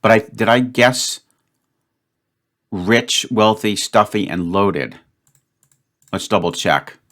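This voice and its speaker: A man's voice: on the low side, takes it slowly, a bit bright. Frustrated man thinking aloud over puzzles. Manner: thinks aloud, frustrated, muttering self-talk. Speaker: word puzzle channel host. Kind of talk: solo puzzle-solving commentary.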